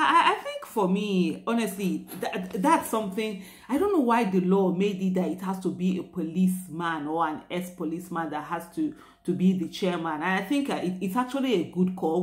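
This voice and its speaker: A woman's voice: on the low side, fairly bright tone, echoey room. A Nigerian woman with a Nigerian accent hosting a newspaper review, talking through the headlines in a chatty, opinionated way, full of fillers and restarts and slipping into Pidgin. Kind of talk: casual spoken commentary on headlines.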